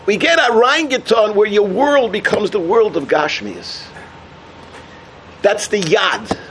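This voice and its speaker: A man giving a sermon full of jokes and parables, telling them with energy and shouting out the punchlines. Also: high voice, animated, slow, a little hiss or hum. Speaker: rabbi giving a talk.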